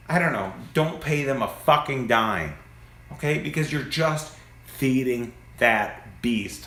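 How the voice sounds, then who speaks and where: Guy ranting and cussing into his phone, pitch jumping all over, roomy echo. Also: vocal fry, fairly bright tone. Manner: angry, profane, preachy. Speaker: vlogger. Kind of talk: ranting monologue. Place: among parked cars.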